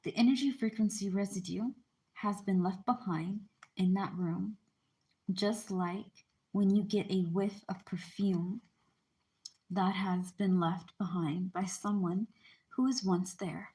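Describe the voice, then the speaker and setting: A woman with a warm, mellow voice reads aloud from a book at an easy pace. She keeps the tone informal and chatty, breaking in with her own explanations and small apologies. Her pitch sits in an ordinary middle range. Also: fairly even intonation, takes it slowly. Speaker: channel host reading a book aloud. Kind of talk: casual read-aloud with chatty asides.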